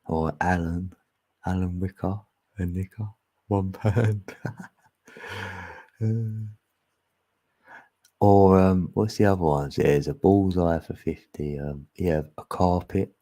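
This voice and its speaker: Cockney man, livestream host, dark husky low voice, chatty. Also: steady tone, takes it slowly, long pauses. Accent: Cockney, East London. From England. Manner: chatty, chuckling, reads chat aloud. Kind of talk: casual livestream chat.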